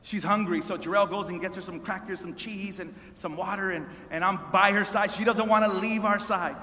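A man tells a long, animated story from the pulpit in a high, bright voice, stumbling over repeated words as he goes. The sound carries a long reverb from a big hall. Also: fairly quick. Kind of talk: storytelling sermon. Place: large hall with an audience.

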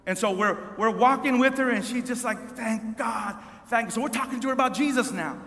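High, bright-voiced man telling a story in a hall. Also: fast. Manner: animated, repeats words, addresses the audience. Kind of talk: storytelling sermon. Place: large hall with an audience. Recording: reverberant hall.

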